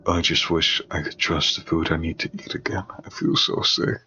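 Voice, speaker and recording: A man voicing the inner thoughts of a paranoid, frightened young woman in a breathy, anxious half-whisper. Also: a bass voice, flat delivery, moderate pace, bright, forceful tone, muffled recording, faint music behind, exaggerated voice. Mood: fearful.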